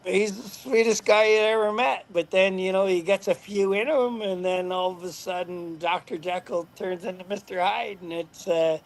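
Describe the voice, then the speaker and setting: A man's voice: sits high, steady tone, moderate pace, hardly any pauses. A middle-aged man, a former motorcycle racer, telling rambling stories on a podcast, swearing freely and laughing at his own tales. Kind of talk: casual storytelling.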